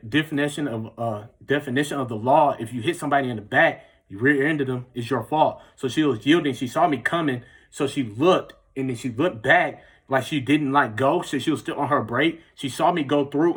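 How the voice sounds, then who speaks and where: A man's voice: medium pitch, brisk, hardly any pauses, a bit bright, husky. A young man, telling a personal story in a rambling, casual way full of filler words. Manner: rambling, heavy use of "like" and "bro". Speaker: vlogger.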